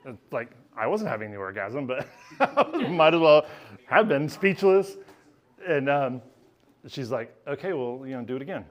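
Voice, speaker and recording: A man's voice: mid-range voice, big pitch swings, unhurried. A man telling a candid, self-mocking personal story on stage at a live storytelling event, laughing as he goes.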